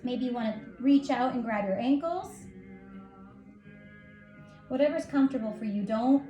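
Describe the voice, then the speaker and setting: Calm, encouraging woman leading yoga. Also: a little high, normal speed. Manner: calm, encouraging, gently instructive. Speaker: yoga instructor. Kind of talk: guided yoga class. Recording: echoey room with faint music.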